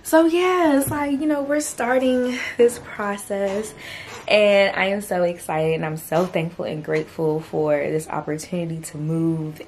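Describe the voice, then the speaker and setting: A young woman vlogger chatting casually to camera, excitable and full of slangy asides. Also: mid-range voice, slight background noise.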